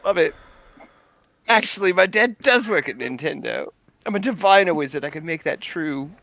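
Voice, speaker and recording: A man playing a tabletop game, joking with quick, sweary asides. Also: a little high, expressive, gravelly, pushed and bright, dry recording. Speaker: player. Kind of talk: casual tabletop game chat.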